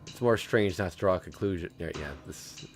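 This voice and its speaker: A man's voice: sits low, fairly quick, soft background music. A male streamer reading a visual novel aloud in first person, with casual joking asides.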